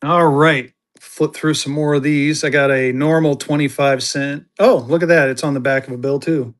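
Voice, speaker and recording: A man's voice: a little high, steady tone, moderate pace. A man hosting a live online auction, chatty and jokey, bantering with viewers as he shows items. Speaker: livestream seller and host. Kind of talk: casual live auction selling.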